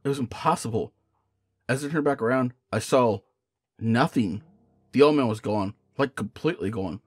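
A man narrating a first-person horror story in a measured, hushed storytelling manner. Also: lowish voice, dry recording, clean studio sound. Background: faint music.

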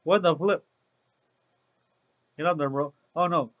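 On a lo-fi recording, a young man with a fairly high, fairly bright voice streams a game, speaking a little slowly. He keeps up upbeat, casual Let's Play commentary to his live chat, repeating words like "bro."

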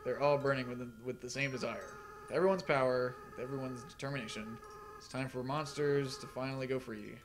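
A man reading aloud as a remorseful, tearful young goat-monster boy, in a soft, earnest and halting way. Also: medium pitch, fairly even intonation, lightly acted. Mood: sad.

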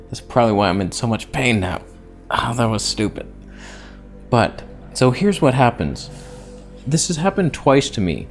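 A man's voice: medium pitch, sing-song, moderate pace, long pauses, soft background music. Man in back pain, rambling and self-mocking. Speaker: vlogger. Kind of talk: casual vlog monologue.

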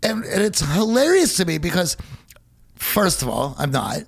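A man's voice: high-pitched, very animated, moderate pace, creaky, husky. A man from Pittsburgh with an American accent, co-hosting a casual podcast conversation, often stammering and restarting his sentences. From Pittsburgh, USA. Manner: restarts, stammers, rising emphasis. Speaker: podcast co-host.

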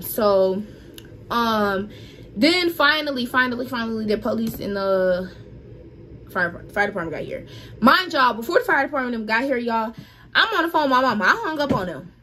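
A young woman vlogger telling a story in casual chat, animated and dramatic, talking straight to her viewers. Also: a little high, a little hiss or hum. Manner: animated, dramatic retelling, addresses viewers as y'all.

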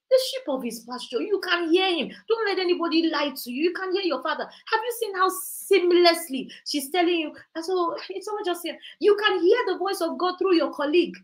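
A woman's voice: very high voice, a bit bright, rough recording. Host: a fervent woman giving a faith talk on a video call, emphatic. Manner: impassioned and preachy, rising to emphatic peaks. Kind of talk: faith-based motivational talk.

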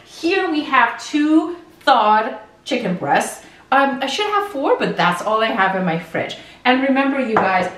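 A woman's voice: fairly high pitch, lively intonation, normal speed. A middle-aged woman, a dentist, talking straight to her viewers in a playful, chatty way while she cooks at home. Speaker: dentist and cooking vlogger. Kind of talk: casual cook-along vlog. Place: home kitchen. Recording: roomy, from a distance.

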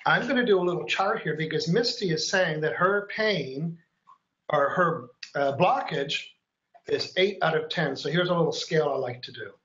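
Man, live-stream host, fairly high voice, chatty, upbeat, roomy dull lo-fi sound. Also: normal speed, fairly bright tone. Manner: chatty, upbeat, explains step by step while counting aloud.

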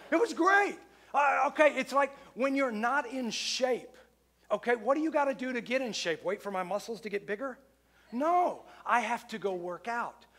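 A middle-aged man with a high voice preaches a sermon to his congregation. He keeps it conversational and leans on repeated phrases for emphasis. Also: a bit bright. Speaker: pastor.

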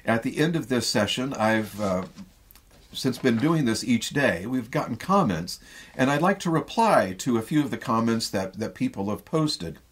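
A male theatre professor with a Midwestern American accent, giving a lecture that retells a play as a story and pausing often on fillers. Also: mid-range voice, breathy edge. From Midwestern United States. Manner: animated storyteller with frequent fillers.

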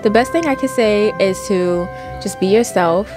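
A woman voicing an easygoing young roommate from a life-sim game who hands out calm, offhand advice. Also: mid-range voice, moderate pace, over music, natural voice.

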